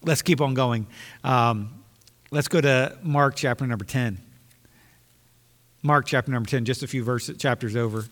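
A man's voice: medium pitch, normal speed, pauses often, a bit bright. A man preaching a sermon with emphasis, repeating phrases to drive his points home. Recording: long hall reverb.

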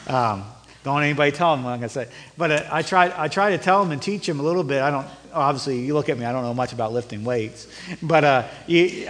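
A middle-aged male pastor preaching a sermon, rising to emphatic peaks and then dropping low and conversational. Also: a bit bright. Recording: long reverb of a church hall.

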